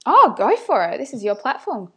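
A woman's voice: on the high side, sing-song, normal speed, sharp tone, breathy edge. A woman hosting a conversational interview, encouraging and reflective as she shares her own experience. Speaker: podcast host.

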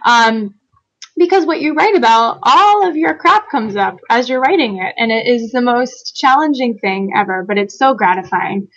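A woman guest telling a personal story in a conversational interview, animated, laughing often and acting out quoted lines. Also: on the high side, normal speed, muffled recording. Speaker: guest author.

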